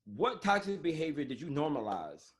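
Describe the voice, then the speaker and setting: A man hosting a live online talk show, telling frank, animated stories full of slang and swearing, on a phone or webcam mic. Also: fairly high pitch, moderate pace. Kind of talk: casual chat. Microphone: phone or webcam on a live stream.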